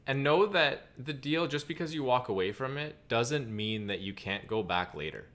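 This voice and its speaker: Bright-toned man co-hosting. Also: mid-range voice, animated, moderate pace. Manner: plain-spoken, sarcastic asides. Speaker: co-host. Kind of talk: casual livestream chat.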